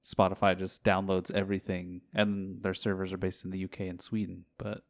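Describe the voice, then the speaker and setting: A man co-hosting a podcast, talking in a wry, measured and slightly cautious way in casual chat. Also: low-pitched, level tone. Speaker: podcast co-host.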